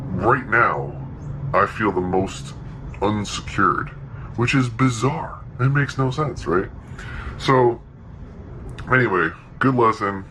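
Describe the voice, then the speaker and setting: A man's voice: low-pitched, bright, forceful tone, slight background noise, rough recording. A man telling a laid-back story in a casual monologue, swearing freely and acting out quotes. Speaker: podcast host.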